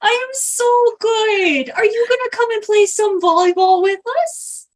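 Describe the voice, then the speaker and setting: A woman's voice: extremely high pitch, a little slow, pitched above the performer's own voice. A woman voicing a fussy, doting older woman who sing-songs and calls everyone "dear" in a tabletop role-play.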